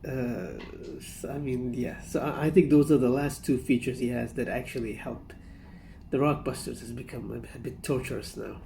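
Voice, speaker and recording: Dark-voiced man rambling through a reaction. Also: mid-range voice, animated, moderate pace, creaky, slight background noise. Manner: rambling, amused, often breaking into laughter. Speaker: reaction video host. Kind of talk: casual reaction commentary.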